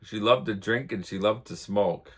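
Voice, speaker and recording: A man's voice: fairly low pitch, moderate pace, a bit bright, breathy edge. A man from the United States hosting a casual vlog, telling rambling anecdotes and chuckling as he goes. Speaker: vlog host. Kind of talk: casual storytelling chat.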